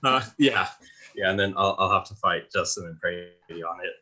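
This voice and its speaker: A young man who founded a supplement company, talking in a hesitant, halting way with many restarts in a casual roundtable chat. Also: deep voice, sharp tone.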